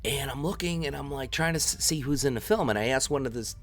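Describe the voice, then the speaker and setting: Talking viewers through his game, a New York–area man in his thirties tells a story in a loose, chatty, teasing way full of tangents. He speaks fast at a medium pitch, with faint music playing behind him.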